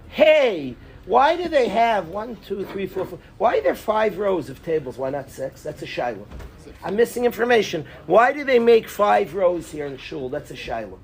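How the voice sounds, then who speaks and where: Rabbi leading a Talmud class, high and animated, quizzing students, faint room hum in the background. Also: male voice. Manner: animated, quizzes students by name, mixes in Hebrew and Yiddish terms. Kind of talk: lively Talmud lesson. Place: synagogue classroom.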